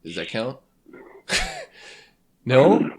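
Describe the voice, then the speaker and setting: A man's voice: medium pitch, very animated, drawn-out words, darkish tone, slight background noise. A man co-hosting a podcast, chatting casually, joking, laughing and swearing. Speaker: podcast co-host.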